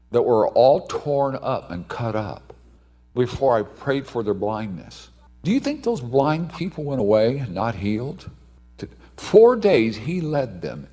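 A man preaching a sermon, telling a story with animated delivery and sudden shouted outbursts. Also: mid-range voice. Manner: animated, acts out voices, bursts into shouts.

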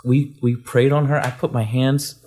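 A man's voice: mid-range voice, flat delivery, moderate pace, darkish tone. A man, a guest minister, telling a testimony story in a rambling way, full of restarts and asides.

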